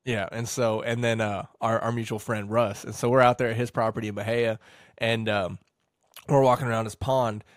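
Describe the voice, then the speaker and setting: A man telling a hunting story on a casual podcast, relaxed and full of fillers and mild cussing. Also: on the low side, normal speed, dry recording, clean studio sound. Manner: laid-back storyteller with fillers and mild swearing.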